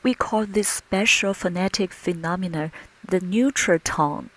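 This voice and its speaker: A woman teaching a language lesson slowly and patiently, modelling sounds with clear, deliberate speech. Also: rough recording. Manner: clear, deliberate, models each tone with exaggerated pitch. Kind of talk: slow, patient pronunciation lesson with drills.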